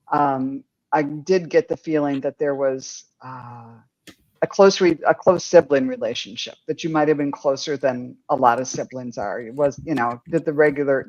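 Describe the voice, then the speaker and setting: A woman medium giving a psychic reading in a gentle, hesitant way, with many pauses and ums. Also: deep voice, dull audio.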